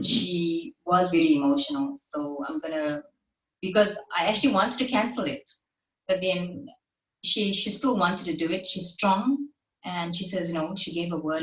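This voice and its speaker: A woman hosting a live-stream interview, speaking gently and explaining to the audience. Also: on the low side. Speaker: podcast host. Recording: echoey sound, distant from the mic.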